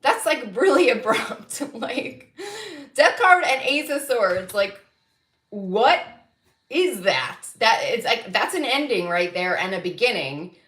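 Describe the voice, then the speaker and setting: A high-pitched woman with a bright, sharp tone, doing a livestreamed tarot reading. She vents angrily, swearing freely and breaking into laughter, at an unhurried pace. Her voice rings in an echoey room. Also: big pitch swings. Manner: angry, profane venting broken by laughter. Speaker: tarot reader.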